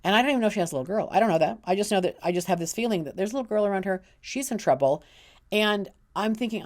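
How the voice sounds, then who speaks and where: A woman's voice: mid-range voice, animated, fast talker. A middle-aged woman, an intuitive counselor, telling a personal story in a casual, earnest way, often restarting and repeating words.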